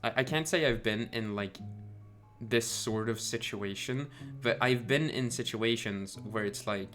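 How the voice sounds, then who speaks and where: A man ranting heatedly on a live stream, swearing and getting animated as he reacts to a game he is reading. His voice sits at an everyday mid pitch, picked up by a desk microphone at home. Faint game music plays quietly underneath. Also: measured pace.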